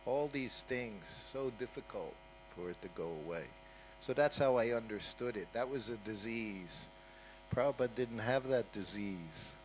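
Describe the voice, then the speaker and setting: An older man speaks at a medium pitch, telling stories to a gathering in a loose, conversational way. He drops frequent asides and checks in with his listeners as he goes. A faint hum sits under his voice. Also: normal speed, rough recording. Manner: conversational, with frequent "you know" and "huh?" asides. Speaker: guest speaker at a temple. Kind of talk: anecdotal storytelling talk.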